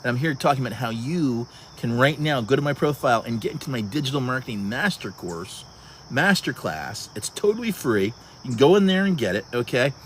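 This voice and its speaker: A man in his early sixties hosts a casual livestream outdoors at sunset, talking a lot, restarting often, and greeting viewers by their handles. His voice is mid-range with lively intonation and a slightly fast pace. There's slight background noise.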